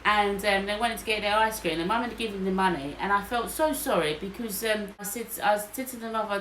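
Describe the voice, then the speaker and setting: A woman's voice: medium pitch, a little fast. A woman co-hosting a podcast, telling a story in casual chat and acting out what other people said. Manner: animated, acts out quotes. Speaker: podcast co-host. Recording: echoey room, faint noise.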